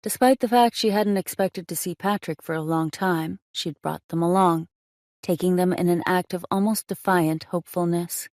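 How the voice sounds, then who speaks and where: A woman's voice: lowish voice, moderate pace, a little mellow, no room sound, studio quality. A woman narrating a romance audiobook in a scripted reading style.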